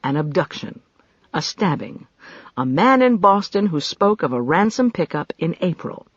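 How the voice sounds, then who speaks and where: A man reading a novel aloud as an audiobook narrator in steady, even storytelling. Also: fairly high pitch, moderate pace, slightly rough, no room sound. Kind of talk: scripted narration. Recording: dry, slightly dull audiobook recording.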